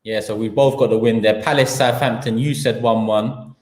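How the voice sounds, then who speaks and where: A London-accented man hosts a live football talk stream, ranting heatedly in slang and stacking up his points. He speaks at a middle pitch and moderate pace with fairly even intonation, in an echoey room.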